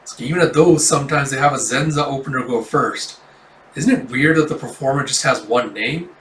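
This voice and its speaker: A man casually reading a manga chapter aloud, relaxed, with a lot of "like" and the odd chuckle. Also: medium pitch, a little fast, far from the mic. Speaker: manga reader. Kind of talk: casual manga read-through. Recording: echoey room, off-mic.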